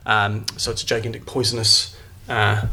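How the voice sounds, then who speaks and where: A man's voice: fairly low pitch, level tone, moderate pace, bright, forceful tone, slight background noise. A man narrating a tabletop game as game master, rambling and jokey with many fillers.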